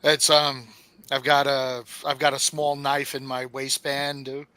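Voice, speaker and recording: A man's voice: medium pitch, completely flat delivery, unhurried, sharp tone, no room sound. A man playing a tabletop game, talking in a laid-back, rambling way. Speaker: player. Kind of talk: tabletop role-play, casual.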